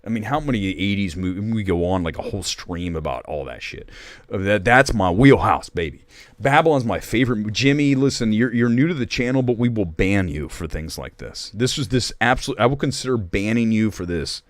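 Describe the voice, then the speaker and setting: Lively, joking male stream host. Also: on the low side, brisk, no room sound. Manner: joking, rambling, reads viewer comments. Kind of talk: live stream movie commentary.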